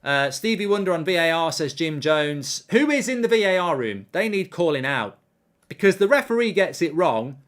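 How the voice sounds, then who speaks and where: A man hosts a live football watchalong with a fairly high voice. He reacts in animated, indignant outbursts and reads viewer comments aloud in a casual, chatty way. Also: normal speed.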